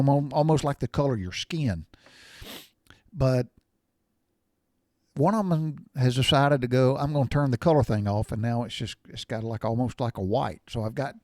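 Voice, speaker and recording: Older guy, 60s, rambly folksy vlog chat, mid pitch, dry close sound. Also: a little mellow, no room sound. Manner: rambling and folksy, wanders off topic. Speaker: vlogger. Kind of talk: casual chat.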